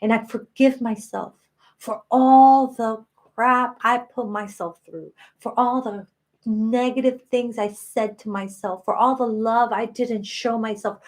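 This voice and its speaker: A woman in her late thirties hosting a live stream, talking earnestly and emotionally about self-worth. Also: on the high side. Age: 30s. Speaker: spiritual channel host.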